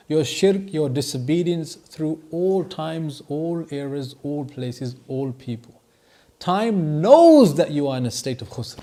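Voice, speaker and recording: A man's voice: fairly high pitch, darkish tone. Emphatic man teaching a class. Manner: emphatic, stretches key words to stress them. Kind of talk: classroom lesson.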